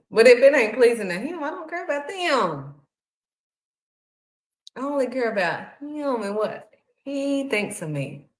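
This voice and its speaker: A woman giving a casual faith talk, conversational and a bit preachy, calling the listener "honey.". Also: medium pitch. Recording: echoey room.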